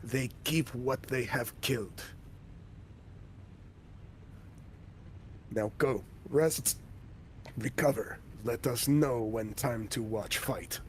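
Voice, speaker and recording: Orc war chief, female, blunt and grim, done by a man, terse broken speech with a hushed whisper, tabletop game. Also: takes it slowly, a little hiss or hum, close to an everyday voice. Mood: solemn. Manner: clipped broken speech, dropping into a low whisper.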